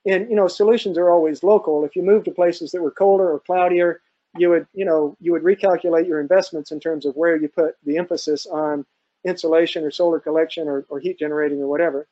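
A man's voice: on the high side, fairly even intonation, quick pace, dark tone, lo-fi sound. A man answering questions in a live online talk, thoughtful and hesitant, with many fillers and restarts. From central Virginia. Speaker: guest speaker on off-grid farming.

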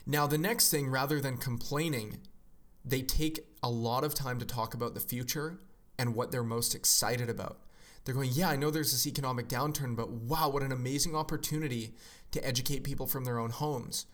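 A man's voice: medium pitch, steady tone, moderate pace, a bit bright. A man giving a motivational self-help talk in an earnest, encouraging way, often acting out people's inner voices.

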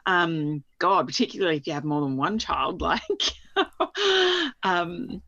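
Woman, gravelly tone, reflective podcast co-host; dull, dry recording. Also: deep voice, a little slow, bright, forceful tone, no echo. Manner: thoughtful, rambling with fillers. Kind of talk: casual parenting chat. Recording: slightly dull, dry sound.

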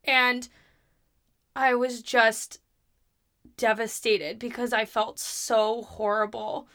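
A young woman in her twenties, her voice sitting a touch high and sounding bright and clear. She talks candidly and confessionally, chatty and full of "like"s. She laughs now and then as she tells her own story on her podcast. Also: level tone, slow. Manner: open, confessional, chatty with many "like"s; laughs between remarks. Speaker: podcast host.

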